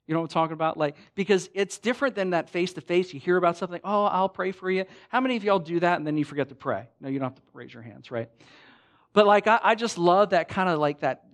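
A man preaching a sermon in a church, conversational and animated, acting out the lines of the people in his story. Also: a little high. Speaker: pastor.

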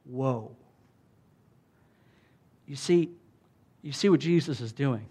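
A man's voice: moderate pace, pauses often, slightly rough. A man preaching a sermon, telling a parable in a casual way and raising his voice when he reads the quoted lines. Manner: animated, voice rises high when reading quoted lines; casual, many fillers, laughs often. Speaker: pastor.

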